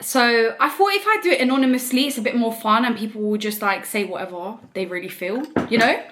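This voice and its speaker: A young woman in a casual vlog, chatting as she shows off her food and answers viewer questions, with a relaxed manner and frequent "like". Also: a little high, a little fast, background noise. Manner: chatty, relaxed, filler "like" often. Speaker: vlogger. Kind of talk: casual mukbang chat.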